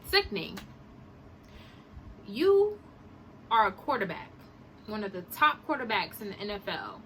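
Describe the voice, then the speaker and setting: A woman's voice: mid-range voice, sing-song, unhurried, sharp tone, slight background noise, poor audio. A young woman vlogger giving an impassioned, indignant opinion monologue to her camera. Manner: emphatic, indignant, rhetorical.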